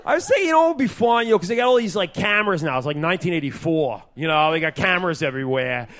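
A man's voice: fairly high pitch, expressive, very fast, a bit bright. A man voicing his brash cousin from Staten Island doing hammy, crowd-baiting stand-up.

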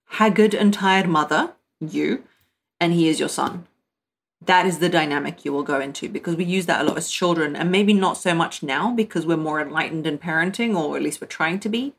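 A pregnant woman hosting relationship advice in a breezy, direct way, acting out playful little quotes as she talks. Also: fairly low pitch. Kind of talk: casual advice talk.

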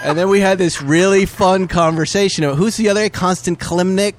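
A man co-hosting a podcast in casual chat, an animated, profane storyteller who laughs often. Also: sits high, brisk, a little hiss or hum. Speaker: podcast co-host. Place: breakfast nook of a restaurant.

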